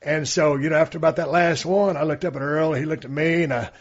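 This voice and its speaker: A man's voice: fairly high pitch, steady tone, fast. A man telling a story in casual chat, in a laid-back, drawling way. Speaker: podcast co-host. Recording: dull lo-fi sound.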